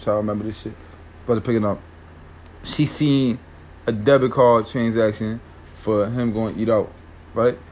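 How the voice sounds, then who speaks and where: A man's voice: lowish voice, fairly even intonation, measured pace, pauses often, a little mellow. Slangy man telling a story casually. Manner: slangy, rambling, checks in with listeners.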